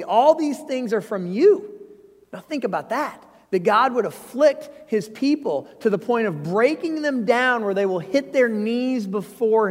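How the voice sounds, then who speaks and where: A pastor, preaching a sermon with earnest, personal storytelling and emphatic rises. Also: male voice, sits high. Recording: long hall reverb.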